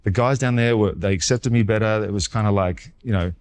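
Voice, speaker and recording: A man in his forties with an Australian accent, a former pitcher guest telling his story in a casual interview and acting out the dialogue. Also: brisk. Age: 40s. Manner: lively storyteller who acts out quoted dialogue.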